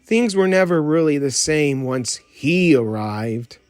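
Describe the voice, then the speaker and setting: A man's voice: on the high side, animated, slow pace, darkish tone, dry recording. A man doing a pompous toy soldier. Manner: pompous, talks of himself in the third person. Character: pompous toy soldier action figure, male.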